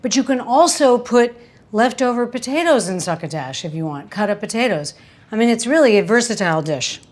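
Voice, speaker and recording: A woman runs a casual cooking demonstration in a kitchen as a cooking show host, chatty and candid, poking fun at herself and letting out sudden exclamations. Her voice is a little high, expressive and fairly quick, though the audio is poor.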